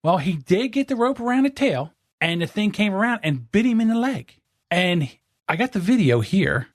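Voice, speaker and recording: A man with a high, lively voice co-hosts a casual podcast. He tells stories in an animated way, swearing freely. His pitch climbs and dips all through. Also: normal speed, dry recording, clean studio sound. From Pennsylvania. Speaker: podcast co-host. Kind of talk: casual chat.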